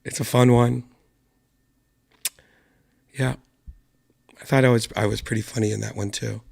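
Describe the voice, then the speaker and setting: A man hosting his own online show, hoarse from a lost voice and talking quietly and softly to spare it. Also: mid-range voice, flat delivery, measured pace. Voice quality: gravelly. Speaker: podcast host. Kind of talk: casual solo stream chat.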